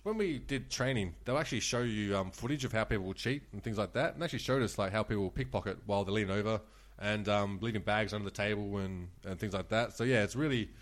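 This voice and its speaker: Fast-talking Australian man, lowish voice. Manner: rapid, laughing, swears freely. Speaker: former casino dealer, guest. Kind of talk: casual storytelling chat.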